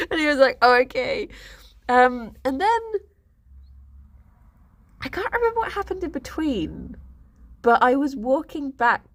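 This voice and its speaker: A woman's voice: high-pitched, sing-song, a little slow, long pauses. A young woman, chatting casually on a stream and telling rambling stories with lots of giggles. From England. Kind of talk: casual chat.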